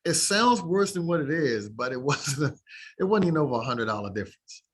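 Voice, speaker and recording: A man's voice: on the high side, big pitch swings, a little fast, slightly rough. A man who works as a mortgage lender, talking casually and plainly to real estate agents, now and then laughing. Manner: chatty, laughing, plain-spoken.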